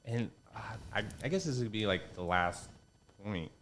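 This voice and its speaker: A young man, a comedian guest on a podcast, talking casually and swearing often, lively when he quotes people. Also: fairly low pitch, moderate pace, a little hiss or hum. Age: young adult. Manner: relaxed, swears a lot, animated quoting voices.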